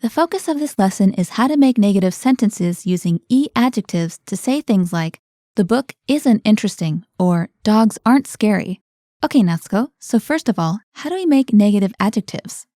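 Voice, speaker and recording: A woman hosts a scripted language lesson in a warm, mellow voice. She explains clearly and keeps the lesson moving with guiding questions, heard dry and close to the mic. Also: medium pitch, animated, normal speed, no echo.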